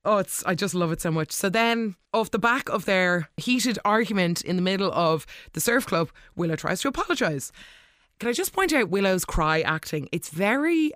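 Recap vlogger: chatty, animated, mid-pitched voice, dry close recording. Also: no room sound. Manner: animated, gushing, quick asides. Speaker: soap opera recap host. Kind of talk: casual episode recap.

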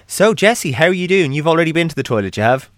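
A man's voice: on the high side, lively intonation, fast talker, a bit bright, dry recording. A man, hosting a radio interview in a jokey, teasing, chatty way. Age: 30s. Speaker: radio show host. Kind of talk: casual interview chat.

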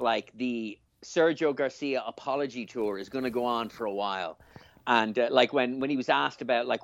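A man co-hosting a podcast in casual chat, talking by himself in a room, animated and rambling with lots of fillers and restarts. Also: mid-range voice, dry recording. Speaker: podcast co-host. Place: room on his own. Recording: slightly dull, dry lo-fi sound.

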